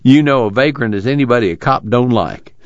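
A man's voice: mid-range voice, animated, fairly quick, no room sound, lightly acted. A man voicing a stout, indignant camp worker telling tales in a cussing rural drawl. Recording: dull lo-fi dry recording.

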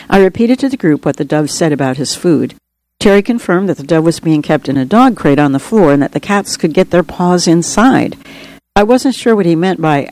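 A woman's voice: fairly low pitch, lively intonation, moderate pace, a little mellow, rough recording. Woman reading her own memoir. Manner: earnest, reflective storytelling. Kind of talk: audiobook narration.

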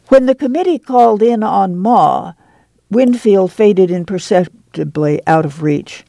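An audiobook narrator reading a story in a plain, measured way. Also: mid-range voice, expressive, vocal fry, dark tone, no room sound. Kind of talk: scripted narration.

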